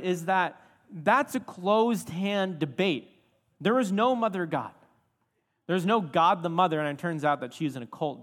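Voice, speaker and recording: Young male preacher, chatty and animated, slightly high voice, echoing hall. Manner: animated, chatty with many fillers. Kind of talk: storytelling sermon. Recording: reverberant hall.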